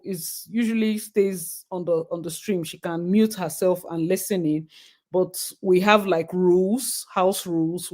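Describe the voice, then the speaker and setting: A woman hosts a live stream in a fairly low voice. She talks casually and breaks into high, excited thanks for her viewers.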